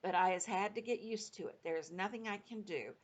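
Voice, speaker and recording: A woman's voice: mid-range voice, fairly quick, close to an everyday voice. A woman voicing a kindly big friendly male giant who talks in mangled grammar with made-up words.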